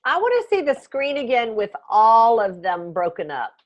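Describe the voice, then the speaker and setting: A woman's voice: a little high, very animated, moderate pace, dull audio. A woman taking part in a coaching class, chatting candidly and sharing her own tips. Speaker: class participant. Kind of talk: casual group discussion.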